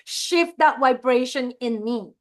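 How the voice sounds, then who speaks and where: A woman with a high voice hosts an interview. She asks questions casually and curiously and often laughs. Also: slow. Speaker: host.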